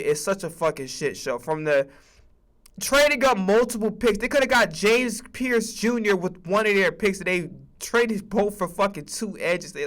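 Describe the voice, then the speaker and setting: A man with a high, bright voice rants about football on his stream. He talks emphatically and swears often, tripping over quick restarts as he builds his points. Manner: emphatic, profane, animated, with frequent stammered restarts. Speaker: streamer and sports commentator. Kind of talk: casual sports rant.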